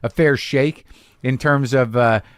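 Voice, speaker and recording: A man's voice: mid-range voice, steady tone, takes it slowly, clean tone, dry recording. A man hosting a podcast who muses aloud, often trailing off and restarting phrases. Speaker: podcast host. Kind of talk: casual podcast conversation. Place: podcast studio.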